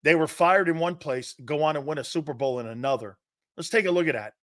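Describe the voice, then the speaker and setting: A man hosting a sports talk show, blunt and combative, swearing freely and mocking soft opinions while he answers chat comments. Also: a little high, quick pace, no echo, studio quality.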